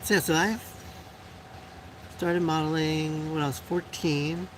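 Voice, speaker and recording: Against a noisy background, a woman's low voice holds a steady tone and an unhurried pace. The live show host, a Puerto Rican woman in her forties, casually chats with viewers, answering comments bluntly with frequent laughs and many fillers.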